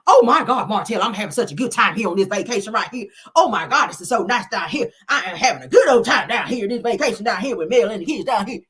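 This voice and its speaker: A woman voicing a loud, gushing older country woman who scolds and fusses. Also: mid-range voice, expressive, fast, hardly any pauses, breathy edge, pitched above the performer's own voice.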